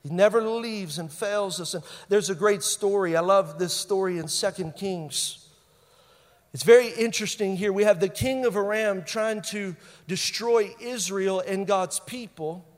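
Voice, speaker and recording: A male pastor preaching a sermon. He stresses key phrases by repeating them, and he moves between loud bursts and quiet, intense lines. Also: sits high, unhurried. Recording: long reverb of a large hall.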